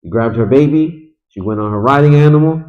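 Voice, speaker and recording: A man's voice: medium pitch, fairly quick, muffled recording. A man teaching a lesson in a mosque, retelling a story conversationally and with feeling, quoting Arabic and then translating it. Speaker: religious teacher.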